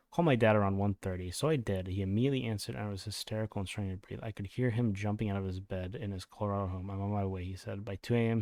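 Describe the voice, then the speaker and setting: Male commentary YouTuber, lowish voice, dry close sound, reads text aloud and cuts in with blunt swearing asides. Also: gravelly, dark tone, no echo. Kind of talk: reading a written statement aloud with reactions.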